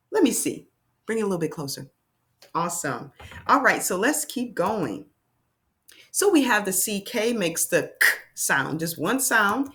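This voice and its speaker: A woman teaching young children a phonics lesson, sounding out letters slowly and with exaggerated emphasis. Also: lowish voice, a bit bright.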